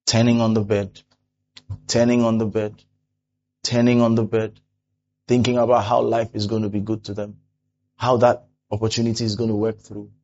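Lively preaching man, lo-fi with hum. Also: on the low side, normal speed, pauses often. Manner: animated preaching, acting out quoted complainers. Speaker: pastor. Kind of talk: sermon.

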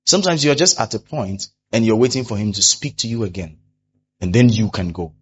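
A pastor preaching a sermon, animated, who often acts out the people he quotes. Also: lowish voice, fairly quick, muffled recording.

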